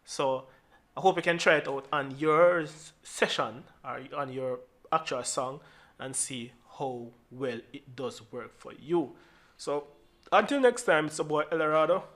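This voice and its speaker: A man talks through his mixing session in a bright, somewhat high voice. He explains step by step in a loose, relaxed way, often stumbling over and repeating small words before he carries on. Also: unhurried. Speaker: music producer teaching mixing. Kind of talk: screen-recorded tutorial walkthrough.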